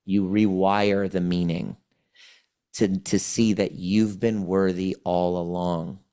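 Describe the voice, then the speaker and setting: Man, fairly low voice, podcast guest, healing coach, animated storyteller, acts out dialogue. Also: takes it slowly, smooth. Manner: animated, acts out the client's replies. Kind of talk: conversational storytelling.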